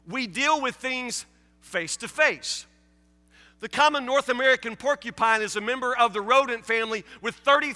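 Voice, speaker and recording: High, bright-voiced preacher in echoing hall. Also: male voice. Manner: emphatic, repeats key phrases, acts out listeners' objections. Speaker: pastor. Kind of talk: sermon.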